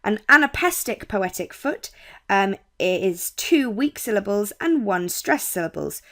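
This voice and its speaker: A young woman with a British accent, tutoring on poetry in a clear, measured way. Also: mid-range voice, lively intonation. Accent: British English. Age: young adult. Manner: clear, measured teaching with quoted lines read slowly. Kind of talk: explaining poetry terms.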